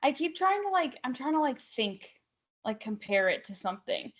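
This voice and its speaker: A woman's voice: high voice, very animated, moderate pace, muffled recording. A woman co-hosting a pop culture podcast, thinking aloud in casual chat with lots of fillers. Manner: thinks aloud, searching for comparisons. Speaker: podcast co-host.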